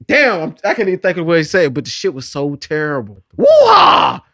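A man chats on a podcast, telling stories loosely and breaking into laughter. His voice sits a little high. The sound is close and dry with no room echo. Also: animated, quick pace, fairly bright tone. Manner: laughs a lot, loose storytelling. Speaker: podcast co-host. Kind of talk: casual chat.

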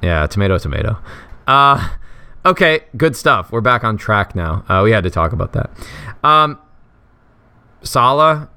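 A man's voice: medium pitch, lively intonation, a little slow, pauses often, bright, forceful tone, clean tone. A man co-hosting a podcast, chatting casually and jokingly with lots of fillers and restarts. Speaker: podcast co-host. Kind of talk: casual chat about fantasy football.

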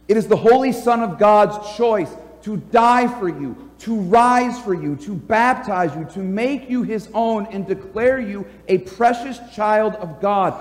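Pastor guy preaching in a church, kinda high voice, long echo off the hall. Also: a little mellow. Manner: conversational preaching with fillers. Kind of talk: sermon. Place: church sanctuary.

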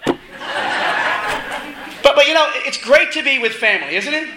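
A middle-aged man preaching a sermon, telling a family story in a casual, animated way with laughing asides. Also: very high-pitched, fairly quick, pauses often. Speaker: minister. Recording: echoey room with faint noise.

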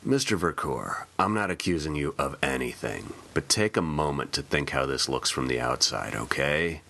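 A man's voice: extremely low pitch, expressive, moderate pace, vocal fry, pushed and bright, exaggerated voice. A man voicing a blunt, easygoing male police officer who talks casually and plainly.

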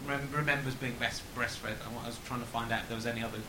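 A man's voice: mid-range voice, steady tone, very fast. Man, rambling podcast host, laughs a lot, roomy echo, noisy backdrop. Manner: giggly, rambling, self-mocking. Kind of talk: casual comedic podcast chat. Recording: echoey room with background noise.

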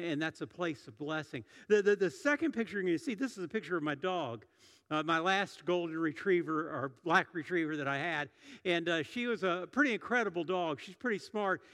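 In a church sanctuary with long hall reverb, a middle-aged pastor preaches a conversational sermon, often restarting and repeating words. His voice is fairly high and fairly bright.

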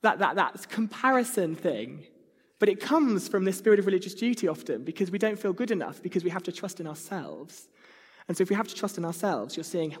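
A man's voice: high voice, animated, fairly quick, breathy edge. A man preaching a sermon, earnest and conversational, now and then acting out a whiny child. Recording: reverberant hall.

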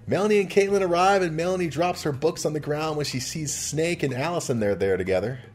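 Man, middle-aged, chatty recap, laughs a lot, mid-pitched voice, faint background music. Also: darkish tone. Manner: chatty, laughs often, side comments. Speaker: podcast host recapping a TV show. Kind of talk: casual episode recap.

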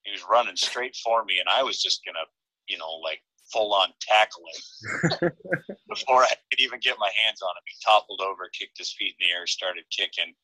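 A man on a podcast as a guest, telling a story in a casual, animated way and often laughing. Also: low-pitched, moderate pace, husky, no echo, low-quality recording.

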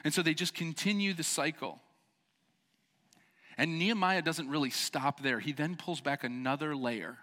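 A man preaching a sermon as pastor, animated and jokey, breaking into the voices of the people in his story. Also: on the high side, normal speed, long reverb tail. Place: church sanctuary.

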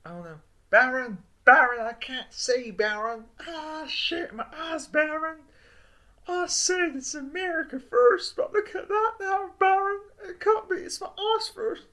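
A man voicing a blustery male politician yelling in shrill panic. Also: unhurried, few pauses, heavily acted. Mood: panicked.

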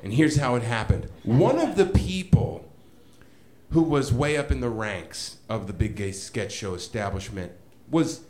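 A man telling a comedic story to a live audience, animated and self-mocking, laughing often as he goes. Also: medium pitch, unhurried.

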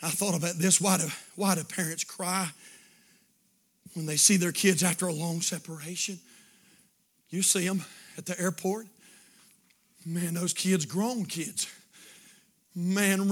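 A man preaching a sermon, impassioned and shouting at peaks, then dropping to quiet, intimate stretches. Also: high voice, little pitch movement, unhurried, pauses often. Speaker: pastor.

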